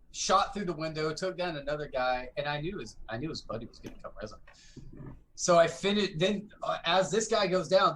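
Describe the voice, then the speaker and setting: A man being interviewed as a guest gamer, telling stories in an animated way and acting out the other players. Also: on the high side, a little hiss or hum, low-quality recording. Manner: animated, acts out quoted players with shouts and laughs. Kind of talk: casual interview storytelling.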